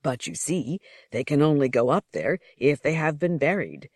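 A reader voicing a deferential male servant who acts as a guide, speaking calmly and politely. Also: medium pitch, moderate pace, no room sound, studio quality. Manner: calm, polite, explaining.

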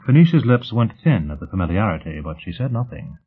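A man reading a novel aloud in an even, measured narration. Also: on the low side, breathy edge. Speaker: audiobook narrator. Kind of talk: scripted narration. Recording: tinny phone-like sound.

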